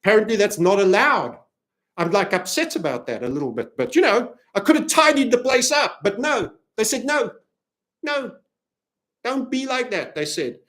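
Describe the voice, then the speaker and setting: A man's voice: sits high, sing-song, brisk, a bit bright. A man from Africa hosting a crypto chart analysis video, rambling and jokey as he walks through the charts. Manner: rambling, jokey, self-promoting. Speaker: crypto trading analyst and channel host.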